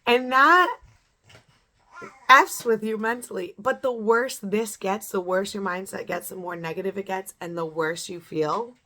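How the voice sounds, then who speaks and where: A woman's voice: mid-range voice, a little slow, bright, forceful tone. A woman in her thirties giving an earnest, repetitive motivational pep talk to camera, as in a home beauty vlog. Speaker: beauty vlogger.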